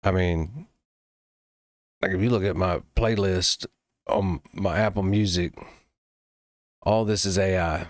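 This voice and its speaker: A man demoing software he built, talking casually and loosely, with plenty of pauses and some cursing. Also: deep voice, fairly even intonation, dry recording, clean studio sound. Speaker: developer demoing his own app. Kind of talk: casual late-night screen-recording talk.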